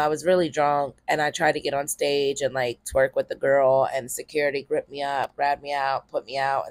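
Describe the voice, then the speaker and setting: A woman's voice: deep voice, dry recording. A woman from Pennsylvania, a comedian hosting her own podcast, talking candidly in a loose, rambling way, full of ums and casual cursing. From Harrisburg, Pennsylvania, US. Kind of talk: casual solo podcast monologue.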